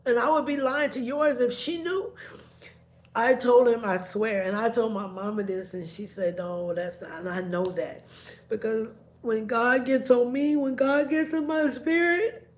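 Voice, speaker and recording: A woman's voice: a little high, a little slow. A woman telling a painful personal story in a rambling way, heated at first and then subdued, sometimes tearful.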